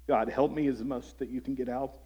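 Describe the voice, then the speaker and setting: A man's voice: mid-range voice, steady tone, brisk, mellow, slightly rough, highs cut off. A man preaching a sermon as pastor, earnest and conversational, asking his listeners questions. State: voice breaking with emotion at times.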